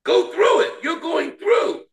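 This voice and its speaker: A man's voice: extremely high pitch, takes it slowly. A man leading a Bible study discussion, preaching with an emphatic, repetitive call-and-response cadence. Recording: roomy echo.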